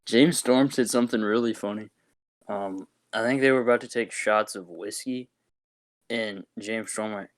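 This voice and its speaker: A man's voice: on the low side, normal speed. A young man co-hosting a casual podcast, chatting loosely in laid-back, rambling banter. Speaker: podcast co-host. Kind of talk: casual chat.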